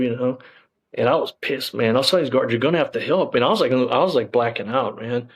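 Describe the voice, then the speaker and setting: Man, middle-aged, interview guest, blunt emphatic storytelling, profane, medium pitch. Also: quick pace. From Texas.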